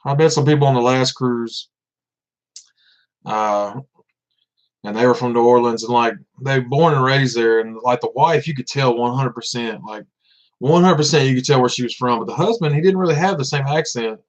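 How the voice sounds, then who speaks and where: Speaking at normal speed in a medium-pitched voice, this Tennessee vlogger in his thirties has a Southern accent and keeps his livestream chat relaxed. He laughs frequently and repeats words, over a dull, lo-fi recording.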